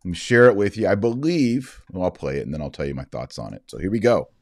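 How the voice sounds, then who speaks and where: A man's voice: sits low, lively intonation, fast talker, no room sound, studio quality. A man from Texas, hosting a casual show and commenting on video clips in a chatty, joking way. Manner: chatty, joking, with fillers and asides. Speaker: host.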